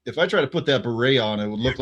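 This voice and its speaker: A man's voice: mid-range voice, expressive, rapid-fire, a bit bright, highs cut off. Crude joking man on a livestream. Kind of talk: casual livestream chat.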